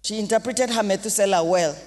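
A Nigerian woman pastor delivering an impassioned sermon with sing-song rises and shouted exclamations in a church hall. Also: medium pitch, quick pace. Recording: long reverb of a large hall.

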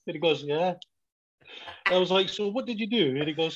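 In a dull, low-fidelity recording, a man spins a story during casual chat at a moderate pace, pausing often. He swears a lot and laughs as he goes.

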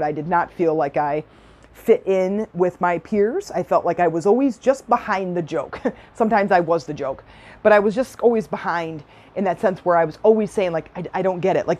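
A woman's voice: on the low side, a little mellow. A middle-aged woman giving a chatty, enthusiastic personal-development talk, telling stories and laughing often. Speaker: self-help speaker.

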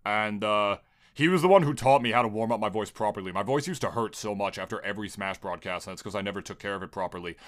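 Bright-voiced joking male podcast host. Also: fast talker. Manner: joking, swears a lot, bursts into high laughing shouts. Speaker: Smash commentator. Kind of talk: crude casual banter.

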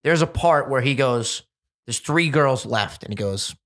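A young man hosting a casual podcast, animated and swearing freely, acting out quotes as he tells stories. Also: mid-range voice, measured pace. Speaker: podcast host.

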